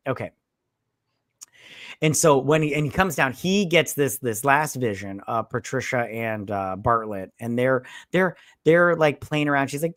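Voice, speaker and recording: A man's voice: mid-range voice, animated, normal speed, dry recording, studio quality. Rambling, profane man retelling a film. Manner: rambling, profane, acts out character lines. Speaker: movie review co-host. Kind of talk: casual live-stream chat.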